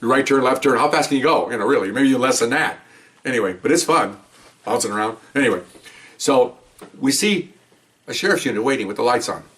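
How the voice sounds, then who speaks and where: An older man tells a long story in a relaxed, conversational way. His pitch moves a lot as he acts out other people's voices and trips over his own restarts. He sounds set a little back from the microphone. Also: quick pace, recorded from a distance. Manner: animated, acts out voices, laughs, many restarts. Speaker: retired police officer telling stories. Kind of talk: casual storytelling.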